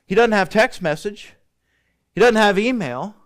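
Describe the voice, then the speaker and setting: Smooth-voiced pastor telling a Bible story. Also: male voice, high-pitched, animated, unhurried, a bit bright. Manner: conversational storytelling with acted-out dialogue. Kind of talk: Bible study teaching.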